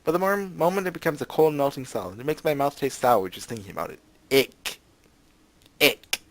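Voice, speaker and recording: A man's voice: a little high, big pitch swings, quick pace, no echo. A man hosting a let's play, reading a visual novel aloud and breaking off for sarcastic, jokey asides. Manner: sarcastic, jokey asides between read lines.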